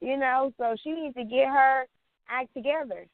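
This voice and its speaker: A woman's voice: high voice, normal speed, no room sound. Chatty woman co-host on a tinny line. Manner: laughs often, chatty news recap. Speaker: podcast co-host. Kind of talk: casual chat.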